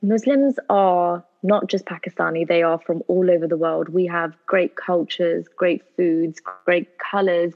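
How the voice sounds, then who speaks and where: Woman on a tinny phone-like line. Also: mid-range voice. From United Kingdom. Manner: emphatic, repeats key phrases. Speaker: podcast guest. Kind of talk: earnest conversational interview answers.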